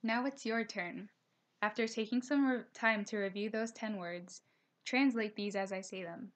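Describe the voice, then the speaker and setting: Woman narrating a slideshow lesson. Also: mid-range voice. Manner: reads slides aloud at a steady pace, with careful slowed pronunciation notes. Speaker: teacher.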